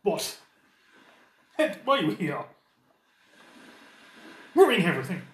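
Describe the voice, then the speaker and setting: A man voicing a haughty, snobbish upper-class noble who sneers at commoners, in a shrill, indignant way during a tabletop game. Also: sing-song, slow, full character voice. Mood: sneering. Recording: echoey room with faint noise.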